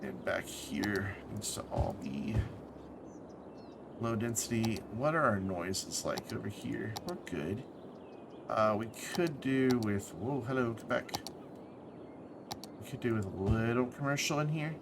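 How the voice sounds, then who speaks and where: A man's voice: on the low side, lively intonation, a little slow, gravelly, long pauses, noisy background. A man thinking aloud as he plays a city-building game on a live stream, correcting himself as he goes, tired and with the hiccups. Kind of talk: casual gameplay commentary.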